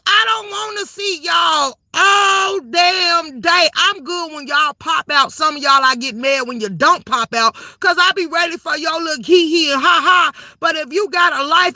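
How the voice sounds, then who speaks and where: A woman hosting a livestream, spilling gossip to her chat in a brash, profane way. She laughs often and keeps calling the viewers "baby". Her high voice has a hard, piercing edge, and it sounds close and dry. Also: bright, forceful tone, dry recording. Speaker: livestream host. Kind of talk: casual gossip commentary to a live chat.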